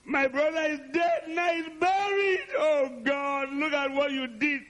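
A man's voice: steady tone, unhurried. A man preaching, voicing a grieving woman with a raised, wailing voice. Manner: high, loud and wailing. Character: grieving woman, pleading and reproachful.

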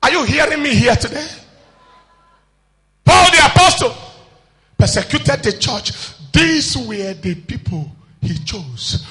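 A man preaching a sermon, swinging between shouted declarations and low, quiet asides, often calling out questions to the congregation. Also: very animated, takes it slowly, long pauses, long reverb tail.

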